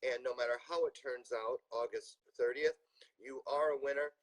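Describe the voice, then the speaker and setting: A man's voice: mid-range voice, fairly even intonation, moderate pace, rough recording. A man hosting a live video show, thanking his guest with effusive praise. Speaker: host.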